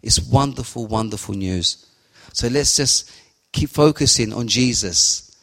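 A man's voice: mid-range voice, measured pace, fairly bright tone. A man giving a fervent, repetitive sermon and spoken prayer. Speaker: lay preacher. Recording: long hall reverb.

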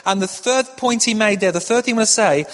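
A man from the United Kingdom preaches in a friendly, conversational way, often restarting phrases and chuckling at his own stories. His voice sits high for a man. The sermon rings out in a hall with a long, lingering reverb. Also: fast talker.

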